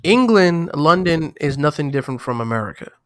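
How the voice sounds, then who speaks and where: Bright-toned New man in casual chat. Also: fairly high pitch, lively intonation, brisk, dry recording, studio quality. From New York. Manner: loose, boastful storytelling with slang. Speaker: podcast co-host.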